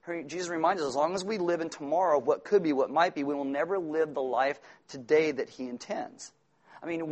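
A male pastor preaching a sermon in a conversational, often humorous way, rising to emphatic repetition at times. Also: a little high.

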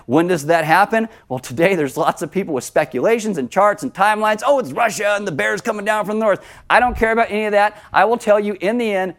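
A middle-aged man preaching a sermon as pastor, conversational, with lively asides. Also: on the high side.

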